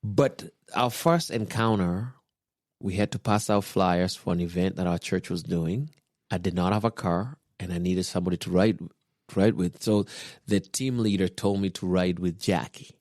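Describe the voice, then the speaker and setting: A man from Kenya, relaxed and chuckling often as he tells a personal story in casual chat. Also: low voice, normal speed, dry recording, studio quality. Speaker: podcast guest.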